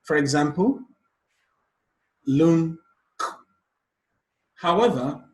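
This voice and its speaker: A man teaching an exam revision lesson on word stress, patiently counting syllables aloud step by step. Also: mid-range voice. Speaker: English teacher. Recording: echoey room.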